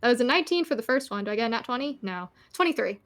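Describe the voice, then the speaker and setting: A woman's voice: on the high side, animated, very fast. A woman casually playing a tabletop game, giggling, rambling and swearing freely. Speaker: player.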